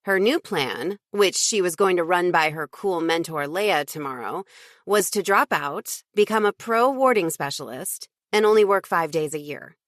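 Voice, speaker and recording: A woman reading a first-person audiobook in an even, lightly wry storytelling voice. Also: fairly low pitch, normal speed, no room sound, clean studio sound. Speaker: audiobook narrator.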